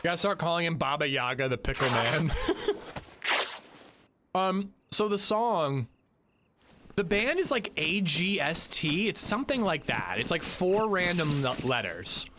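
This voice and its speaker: A man's voice: a little high, sing-song, normal speed, noisy background. A man chatting casually while livestreaming a video game, rambling and self-mocking. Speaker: game streamer.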